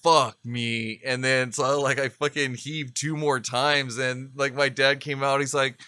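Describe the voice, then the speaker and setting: Bright-voiced man telling a profane story. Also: mid-range voice, level tone, measured pace, clear, resonant tone, no room sound. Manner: profane, rambling storyteller who laughs often. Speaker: podcast co-host. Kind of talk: casual chat.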